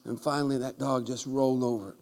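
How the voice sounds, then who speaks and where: A man preaching a humorous sermon in a church, telling jokey stories and breaking into loud shouts. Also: mid-range voice, fairly even intonation, fast, over a noisy crowd. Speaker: guest preacher. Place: church sanctuary. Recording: large hall with long reverb.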